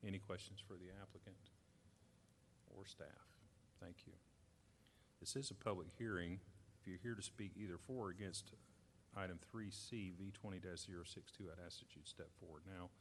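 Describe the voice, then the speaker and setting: A man chairing a public board meeting, running through motions and votes in brisk, routine procedural phrasing. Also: low voice, slight background noise. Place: community center gym.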